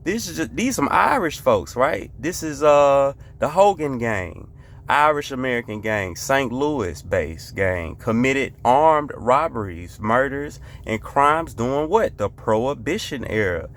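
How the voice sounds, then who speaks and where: A man's voice: mid-range voice, expressive, unhurried, a bit bright. A man hosting a casual reaction video, talking emphatically and repeating rhetorical questions and catchphrases.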